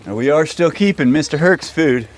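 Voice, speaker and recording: A man's voice: on the high side, lively intonation, moderate pace. Homestead man, easygoing chore chat, outdoors with faint hiss. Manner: easygoing, talks to animals, laughs often. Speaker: homestead vlogger. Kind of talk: casual chat while doing farm chores. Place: outdoor animal pen.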